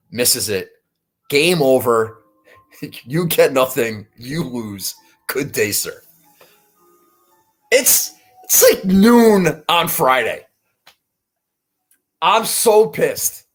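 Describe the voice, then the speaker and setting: Exasperated swearing golf podcast host. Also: mid-range voice. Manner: animated, frequent restarts and rising outbursts. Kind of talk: casual golf betting recap.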